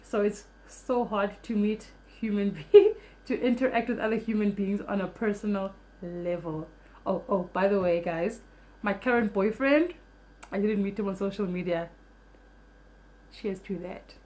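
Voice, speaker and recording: A young woman vlogging casually, telling a story fast and animatedly with free swearing. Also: medium pitch, darkish tone.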